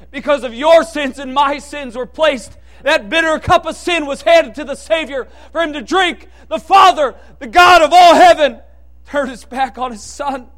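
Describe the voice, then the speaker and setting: Extremely high in pitch, a man's impassioned sermon sinks to hushed tones and then rises to shouts.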